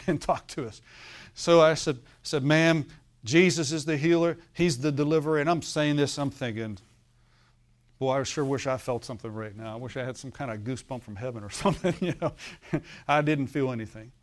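A male pastor preaches a sermon in a medium-pitched voice, speaking a little fast. He tells a story, repeatedly calls on the congregation for an amen, and laughs from time to time.

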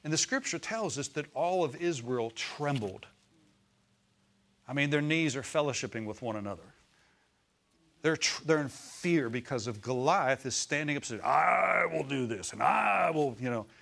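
A man preaches at a middle pitch, easy and conversational. He keeps checking in with his listeners, asking questions as he goes. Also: lively intonation, moderate pace, a bit bright. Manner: acts out voices in quotes. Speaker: pastor. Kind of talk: sermon.

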